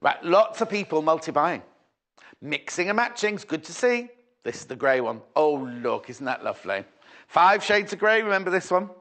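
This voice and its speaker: Man, shopping channel host, camp and rambling, slightly high, very lively pitch. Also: normal speed. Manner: chatty, camp, bubbly, rambling asides. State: slight sore throat. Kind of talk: live TV sales presentation. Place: TV studio.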